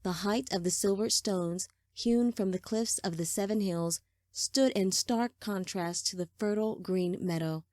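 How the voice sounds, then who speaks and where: A woman narrating a fantasy novel in a measured, steady reading style. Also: medium pitch, dry recording, studio quality. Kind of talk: scripted audiobook narration.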